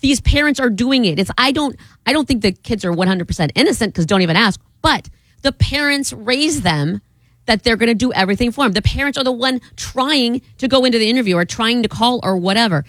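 A woman's voice: fairly high pitch, animated, a little fast, fairly bright tone, dry recording. Female radio co-host, blunt and argumentative, dry close sound. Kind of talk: casual radio talk.

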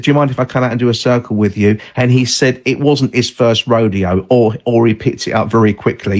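A man, a guest author on a radio call-in show, telling stories in a measured way with many fillers and restarts. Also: mid-range voice. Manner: hesitant, measured storytelling with fillers.

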